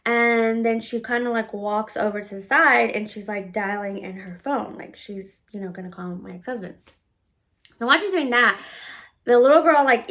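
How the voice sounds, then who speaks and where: A woman's voice: a little high, fairly bright tone. Blunt, profane woman telling a story. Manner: blunt, profane, with frequent "like" fillers. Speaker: vlogger. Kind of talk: storytime vlog.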